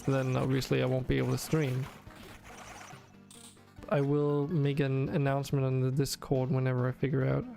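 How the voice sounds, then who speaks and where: A sleepy, yawning man talks casually through his gameplay on a stream, his mid-range voice gravelly and mellow. He rambles, sounds drowsy, and corrects himself as he goes.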